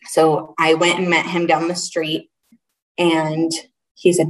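Low-voiced woman, halting and earnest. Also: completely flat delivery. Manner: earnest, halting, with frequent restarts. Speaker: interview guest. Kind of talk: personal storytelling in an interview. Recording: voice a little far from the mic.

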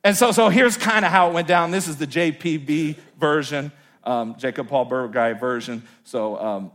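A man, a pastor, preaching an energetic, joking sermon with many repetitions. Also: a little high, moderate pace. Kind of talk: humorous sermon.

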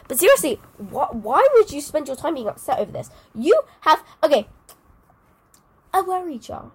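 A woman's voice: sits high, very animated, moderate pace, a little hiss or hum. A teenage girl co-hosting a podcast, chatting in a rambling, giggly way. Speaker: podcast co-host. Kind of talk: casual chat.

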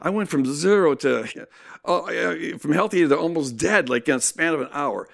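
A man telling a personal story in a sermon, animated and acting out what people said. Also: a little high, normal speed, gravelly. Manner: animated storytelling with acted-out quotes. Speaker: speaker.

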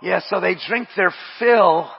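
A man preaching a sermon. He drops to hushed murmurs, rises to shouted refrains, repeats his phrases and speaks in tongues. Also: sits high, unhurried, creaky, slightly rough. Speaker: pastor. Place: church sanctuary. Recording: dull audio with long hall reverb.

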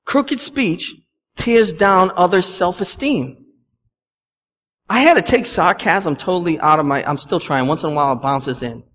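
With a bit of brightness, a young adult male pastor speaks high and at a measured pace. He preaches emphatically and conversationally in a church sanctuary, turning aside to the congregation. Long reverb fills the recording.

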